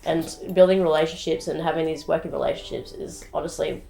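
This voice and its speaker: Lower-voiced chatty woman, echoey room. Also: flat delivery, vocal fry, warm tone. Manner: chatty, quick to laugh. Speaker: director who cast the actors. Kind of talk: casual chat. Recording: roomy echo.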